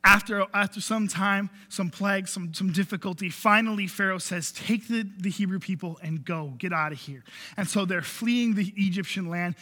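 A man's voice: high-pitched, normal speed, pushed and bright, big-room sound. A man preaching a sermon, telling the story and repeating key phrases for emphasis. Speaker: pastor.

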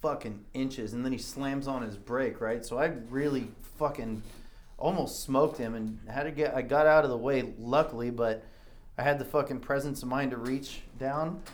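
A man in casual chat, telling animated motorcycle stories and swearing a lot. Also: medium pitch, normal speed. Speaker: motorcycle rider.

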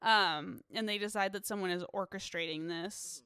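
A woman's voice: mid-range voice, fairly even intonation, normal speed, sharp tone, clear, resonant tone, no room sound. A woman co-hosting a podcast, recapping a movie in casual, chatty talk, swearing freely and laughing often. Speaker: podcast co-host.

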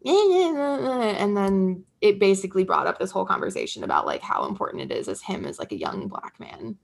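A woman's voice: medium pitch, huge pitch swings, quick pace, creaky, husky. A young woman co-hosting a podcast, chatting and gushing about pop culture with frequent laughs. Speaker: podcast co-host. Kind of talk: casual pop culture chat.

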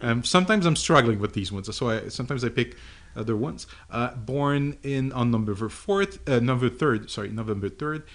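A man co-hosting a podcast in casual chat, halting, with many fillers and restarts. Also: medium pitch, animated. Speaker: podcast co-host.

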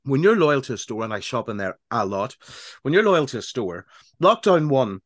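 A man's voice: mid-range voice, very animated, normal speed, fairly bright tone, no echo, studio quality. A man hosting a casual radio chat show, rambling and laughing as he talks, with many restarts.

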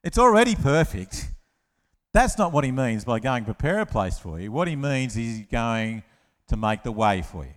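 A man preaching a lively children's-talk sermon, telling the story with playful asides and acted-out voices. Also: mid-range voice, moderate pace. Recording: long hall reverb.

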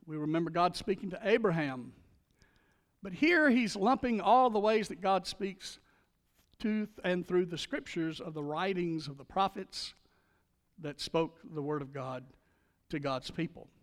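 A man's voice: high-pitched, animated, measured pace. An older man preaching a sermon as pastor, retelling scripture with dramatic emphasis. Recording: long reverb of a large hall.

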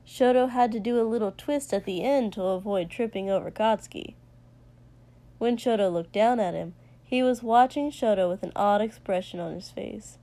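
Female narrator, mid pitch, steady storytelling read. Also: normal speed. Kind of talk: reading fan fiction aloud.

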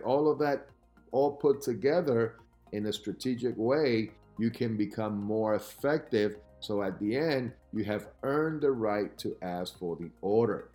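A man giving podcast talk as a sales coach, with an emphatic, lively delivery who keeps asking "right?" as he teaches. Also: fairly low pitch.

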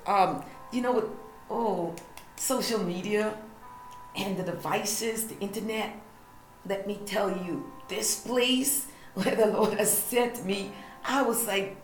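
A woman preacher leading online worship, giving fervent declarations and personal testimony, with "hallelujah" between her phrases. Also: medium pitch. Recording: echoey room with faint music.

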